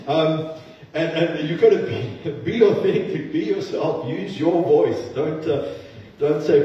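A man's voice: a little high, moderate pace, mellow. A male pastor giving a sermon in an earnest, conversational way, with self-deprecating asides. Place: church sanctuary. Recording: distant, roomy, dull-toned church recording.

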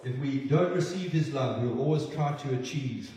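A man preaching a sermon in a church, earnest and halting, often repeating words as he restarts. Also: medium pitch, warm tone. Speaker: pastor. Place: church hall. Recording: echoey hall, distant mic.

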